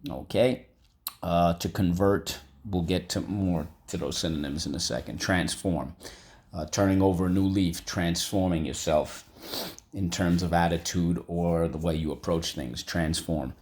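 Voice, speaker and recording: Slow, deep-voiced male teacher. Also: darkish tone. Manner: slow, deliberate, repeats words for students to echo. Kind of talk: vocabulary lesson. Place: home room.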